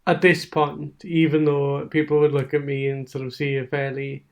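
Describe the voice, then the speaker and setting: A man's voice: on the high side, little pitch movement, normal speed. Sweary, rambling man on a podcast. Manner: rambling, sweary, laughs between points. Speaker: podcast guest. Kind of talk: casual podcast chat.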